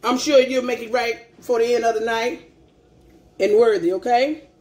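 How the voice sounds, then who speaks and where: A woman's voice: a little high, fairly even intonation, normal speed, a little mellow. A middle-aged woman talks straight to her viewers in a folksy, chatty way, calling them baby and family. She hums and mm's as she tastes her food between remarks. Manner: tastes food while talking, hums with mouth full. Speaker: cooking vlogger. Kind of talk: casual chat to camera.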